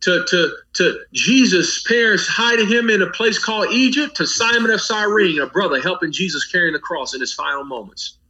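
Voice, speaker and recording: A man, a pastor appearing as a guest on a talk program, delivers impassioned commentary with a preacher's rhythmic cadence, building emphasis through lists and rising repetition. His voice sits high and sounds animated and sharp, moving at normal speed with few pauses. The audio is dull and lo-fi.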